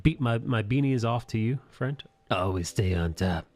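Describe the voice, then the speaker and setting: A man's voice: mid-range voice, animated, normal speed, darkish tone. A man hosting a live art stream, chatting casually in a rambling, jokey way and thanking viewers. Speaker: streamer host.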